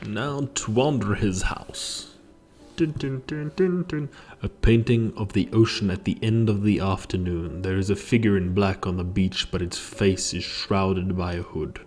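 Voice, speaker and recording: A man's voice: deep voice, fairly even intonation, normal speed, few pauses, darkish tone. A man giving casual, jokey gameplay commentary, ad-libbing as he plays. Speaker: let's play commentator.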